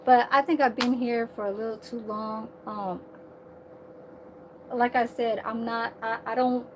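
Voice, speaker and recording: A woman's voice: a little high, fairly even intonation, a little slow, noisy background. A woman in her thirties, ranting in a heated, profane, repetitive way on a casual livestream. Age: 30s.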